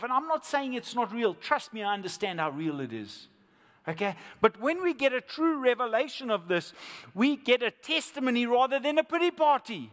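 A man preaching a sermon as pastor, swinging from hushed whispers to loud, impassioned appeals and repeating phrases for emphasis. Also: very high-pitched, big pitch swings, moderate pace. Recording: long hall reverb, faint music behind.

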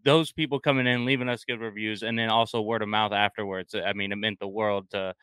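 A man chatting on a podcast as a guest, enthusiastic and full of restarts. His voice is bright and crisp, and the sound is dry and close. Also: lowish voice, fairly even intonation, fairly quick, no echo. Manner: enthusiastic, many restarts, says man a lot. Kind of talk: casual podcast chat.

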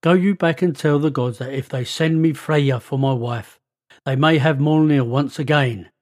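A man's voice: fairly high pitch, normal speed, darkish tone, no echo, clean studio sound, natural voice. A man voicing a gloating male frost giant king in a read-aloud myth.

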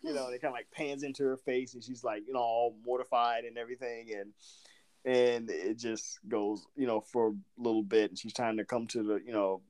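Brisk and mid-range, this podcast co-host from Southern Georgia carries a faint Southern accent. He tells lively, rambling stories in casual conversation, frequently breaking into laughter.

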